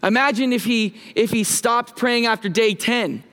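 High-voiced joking young pastor. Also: male voice, moderate pace, a bit bright. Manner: casual, joking, talks with the congregation. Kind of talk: sermon. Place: church sanctuary.

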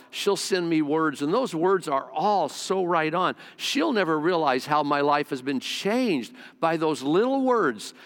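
An older male pastor delivers a heartfelt sermon built on personal stories. His voice is smooth and resonant and sits slightly high for a man. A long reverb trails each phrase, as in a large sanctuary. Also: fairly bright tone. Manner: earnest storytelling, repeats words when emphatic. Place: church sanctuary.

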